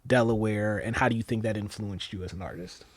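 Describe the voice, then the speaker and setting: A man's voice: fairly low pitch, steady tone, brisk, slightly rough, dry recording. A man from the Philadelphia area hosting an interview, asking questions in a conversational, affirming way with many fillers. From Philadelphia area, USA. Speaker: interviewer host. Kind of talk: casual interview.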